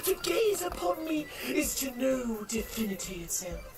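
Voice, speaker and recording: A woman's voice: high voice, big pitch swings, a little slow. A woman voicing a vain, posh female pony with an affected drawl in a fan parody dub. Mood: haughty. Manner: haughty, theatrical. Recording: distant voice under loud music.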